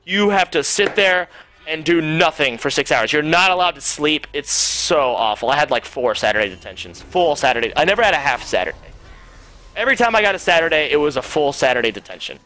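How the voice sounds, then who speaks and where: A man's voice: a little high, expressive, brisk, pushed and bright. A young man streamer telling a rambling, profane story in casual chat, full of fillers.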